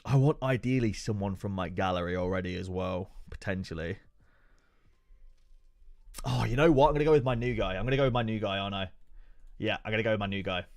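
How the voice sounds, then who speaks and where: A man's voice: on the low side, fast, long pauses, a little mellow, faint music behind. A young man streaming live, chatting casually with his viewers and joking with plenty of swearing. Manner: profane, joking banter with chat. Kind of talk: casual livestream chat.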